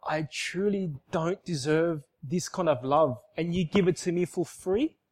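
A man giving an emotional church testimony, emphatic and repetitive, swinging from loud outbursts to soft, hushed lines. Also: on the high side, unhurried. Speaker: speaker giving a personal testimony.

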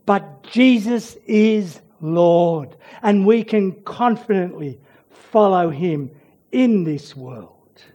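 A preacher giving a sermon, swinging between loud urging and hushed near-whispers. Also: mid-range voice, lively intonation, slow.

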